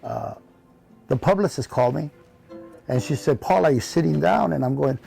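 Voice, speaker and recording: A man with a heavily gravelly, dark-toned voice recalls old friends in a reflective interview. He talks in a loose, heartfelt way, leaning on "you know" and slipping into the voices of people he remembers. Faint guitar plays softly underneath. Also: mid-range voice, animated, moderate pace, pauses often. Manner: acts out remembered dialogue in his telling. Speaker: interview guest, comedian. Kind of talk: reflective storytelling in conversation.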